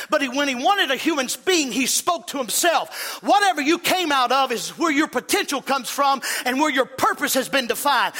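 A male pastor preaching a sermon, emphatic and building up to shouts. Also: extremely high pitch. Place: church. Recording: long reverb of a church hall.

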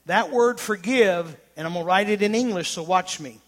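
Man, pastor, sermon, high voice, emphatic then hushed preaching. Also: moderate pace. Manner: swings from loud emphatic preaching to hushed intimate tones.

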